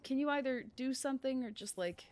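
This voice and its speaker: A woman streamer chatting casually over her gameplay in an animated way, laughing often. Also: high voice, brisk.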